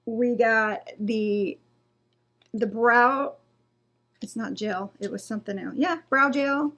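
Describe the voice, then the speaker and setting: A woman's voice: on the high side, takes it slowly, a bit bright. A woman doing a casual beauty unboxing vlog, reading product blurbs aloud and trailing off and restarting as she goes. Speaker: beauty vlogger.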